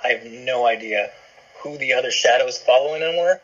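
Husky man on a dull line. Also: mid-range voice, brisk, fairly bright tone. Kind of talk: casual chat.

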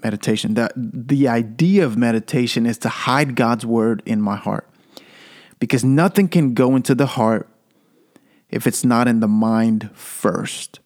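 A man's voice: medium pitch, measured pace, darkish tone. A man hosting a Christian podcast, giving an earnest devotional teaching and repeating key phrases for emphasis, with occasional stammered restarts.

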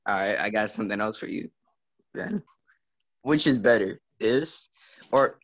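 A man's voice: fairly low pitch, lively intonation, normal speed, slight background noise, poor audio. A man as a podcast guest, bantering casually with a teasing, crude joking manner.

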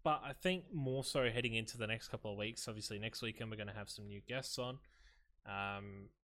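Casual podcast host: man, fairly low voice, easygoing and rambling. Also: a little fast. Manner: relaxed, rambling with many fillers. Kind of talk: casual esports podcast chat.

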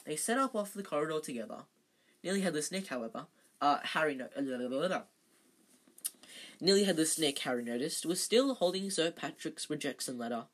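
Casual amateur read-aloud, breathy voice, stumbles and restarts lines, medium pitch. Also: expressive, fairly quick. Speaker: amateur reader of a novel. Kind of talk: casual read-aloud narration with slips and self-corrections.

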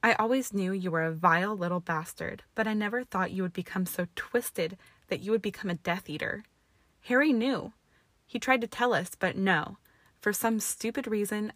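A woman's voice: medium pitch, normal speed, fairly bright tone, no echo. A woman voicing a proud young witch who snaps and scorns in anger. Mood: scornful. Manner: snapping, scornful.

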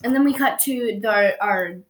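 A woman's voice: a little high, unhurried, reverberant. A woman recapping a movie in casual chat, playful and teasing, repeating running jokes.

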